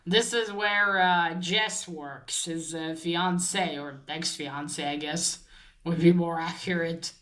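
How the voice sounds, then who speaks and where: A woman casually retelling the plot of a novel, often pausing on filler sounds as she gathers her thoughts. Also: on the low side, steady tone, a bit bright, poor audio. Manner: hesitant, many filler pauses. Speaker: book discussion host.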